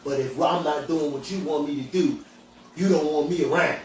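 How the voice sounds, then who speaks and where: A man's voice: a little high, normal speed, a little mellow, slight background noise. A man hosting a podcast, ranting bluntly and profanely. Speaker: podcast host and hemp dispensary owner. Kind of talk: angry outspoken rant. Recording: echoey room, voice from far off, faint ambience.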